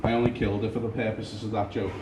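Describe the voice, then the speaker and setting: A young man from Liverpool with a Scouse accent, doing a dry, deadpan stand-up set in a small comedy club. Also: fairly low pitch, racing. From Liverpool, England. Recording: roomy far-off club recording with crowd noise.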